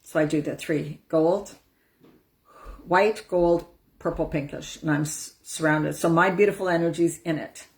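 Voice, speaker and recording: A woman coaching on a casual live stream, speaking soothingly and breaking into loud whooshing out-breaths as she demonstrates letting go. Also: low-pitched, fairly even intonation, unhurried. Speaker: empowerment coach hosting a live session.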